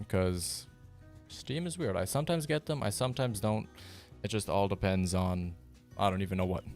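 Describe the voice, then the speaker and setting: A man whose first language is German, chatting casually with viewers on a live stream in a fairly monotone, rambling way full of fillers. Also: sits low. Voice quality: fairly monotone, even delivery. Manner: relaxed, rambling, with many fillers and restarts.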